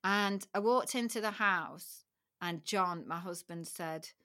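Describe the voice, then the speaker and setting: A middle-aged woman speaks as a podcast guest, telling a personal story with a bright, forceful voice. She talks frankly and emotionally, breaking off and restarting her sentences often and letting the odd swear word slip. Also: on the low side, slow pace. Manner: candid, emotional, with frequent restarts.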